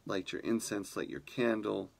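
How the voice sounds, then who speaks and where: A man leading a spiritual community, telling a fable in a meditation talk, soft-spoken and unhurried. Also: on the low side, vocal fry, a little hiss or hum.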